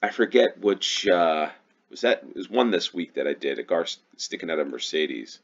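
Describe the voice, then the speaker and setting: Sitting low in pitch, this man's voice is expressive and moves at a moderate pace, though the recording loses its high end. He's a GeoGuessr channel host from New York, USA, with a Western New York accent, giving casual commentary as he plays. He thinks out loud about the geography game, hesitant and sprinkling in plenty of ums.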